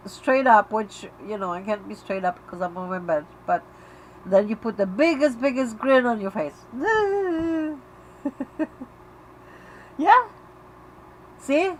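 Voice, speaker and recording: Lying in her bedroom, the host of an epilepsy community livestream talks with viewers in an open, emotional, casual way, often using fillers and restarting. She has a medium-pitched voice and an unhurried pace. The recording is rough, with a little hiss or hum.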